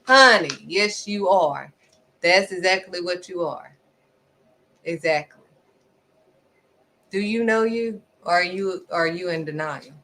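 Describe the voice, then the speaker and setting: Slow, emphatic preaching woman. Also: on the low side, sharp tone. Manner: emphatic, repeats lines for stress; acts out other people's voices. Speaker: faith-based vlogger. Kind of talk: preaching to camera.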